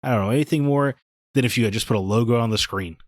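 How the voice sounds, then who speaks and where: A man's voice: medium pitch, racing, dry recording, clean studio sound. A man co-hosting a gaming podcast, talking in blunt, opinionated casual chat. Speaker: podcast co-host.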